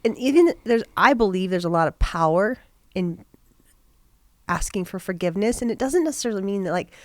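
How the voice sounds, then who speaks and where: A woman's voice: mid-range voice, lively intonation, brisk, a little mellow, dry recording. Frank, plain-spoken woman co-host. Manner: frank, profane, self-accountable. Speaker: podcast co-host. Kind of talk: candid casual chat.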